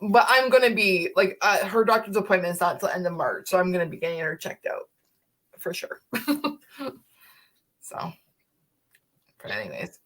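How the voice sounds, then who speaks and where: A woman's voice: lowish voice, lively intonation, normal speed, long pauses, a bit bright. A young woman co-hosting a casual livestream chat, telling a story with lots of "like" and nervous laughter. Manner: breathless, laughing storytelling with many "like"s. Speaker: co-host.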